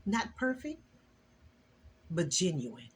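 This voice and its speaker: An older woman and grandmother sharing an earnest, emotional Christian testimony in a casual vlog, with a preachy, expressive delivery. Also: slow, a little hiss or hum. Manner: earnest, preachy and emotional, with lively swings in pitch. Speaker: vlogger.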